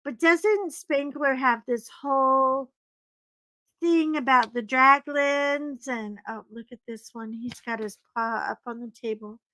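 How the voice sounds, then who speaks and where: A woman's voice: high voice, takes it slowly, bright, forceful tone, dry recording. A woman hosting a casual livestream from home while coloring, rambling chattily and breaking off to talk to her dogs, on a desk mic. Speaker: livestream host.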